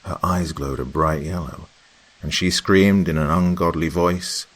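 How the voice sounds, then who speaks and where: A man narrating a first-person horror story in a slow, hushed, dramatic way. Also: sits low, steady tone.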